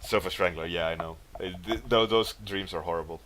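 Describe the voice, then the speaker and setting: A man's voice: sits low, fairly quick, fairly bright tone, slight background noise. A man casually chatting on his livestream, rambling about dreams, laughing often and greeting viewers by name. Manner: rambling, laughs often, reads chat names aloud. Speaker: livestreaming artist. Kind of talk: casual stream chat.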